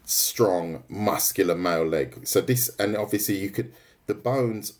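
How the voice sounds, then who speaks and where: A man's voice: deep voice, unhurried, darkish tone. A man leading a live drawing tutorial, chatting casually with his viewers and often checking in with "right?" and "mate". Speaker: art tutor streaming live.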